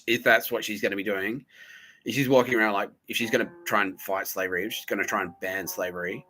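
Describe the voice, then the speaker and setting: A man's voice: on the low side, a little fast, bright, forceful tone, low-quality recording. A man hosting a podcast, talking in a rambling, profane comedic monologue full of fillers and restarts. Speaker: podcast host.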